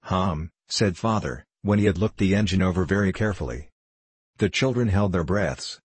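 A man reading a children's storybook aloud in a measured, even narration. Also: low voice, husky, dry recording. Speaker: audiobook narrator.

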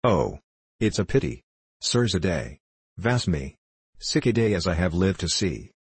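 A man reading the part of a fretful elderly Scottish housewife, wailing out dialect exclamations in a husky voice. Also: deep voice, sing-song, a little slow, no room sound, exaggerated voice. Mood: distressed.

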